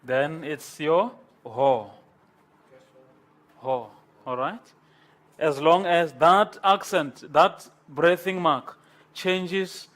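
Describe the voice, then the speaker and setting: A man lecturing a class on Greek, slow and halting, with many pauses and repeated words. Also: on the high side, fairly bright tone.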